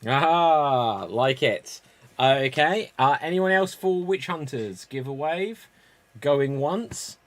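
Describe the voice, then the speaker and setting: A man hosting an online improv game, briskly calling on players by name and telling jokes himself. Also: fairly high pitch, no echo. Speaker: improv show host.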